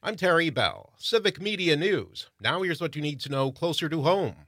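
A man reading a radio newscast in a measured, formal way. His voice sits at a middle pitch with a bright, crisp tone, and the studio sound is dry. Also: animated, dry recording. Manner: measured, formal news delivery. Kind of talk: scripted news read. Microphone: studio microphone.

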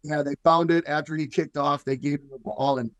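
A man's voice: a little high, steady tone, brisk, no room sound, highs cut off. A middle-aged man, a football coach, talking earnestly in a casual radio interview with many fillers and restarts.

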